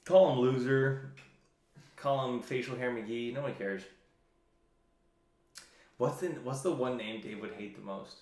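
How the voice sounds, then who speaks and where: A tipsy man of middling pitch, co-hosting a livestream with dry, joking asides that trail off. He is recorded in a roomy small apartment. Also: unhurried, pauses often, darkish tone. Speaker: co-host. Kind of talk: casual livestream banter.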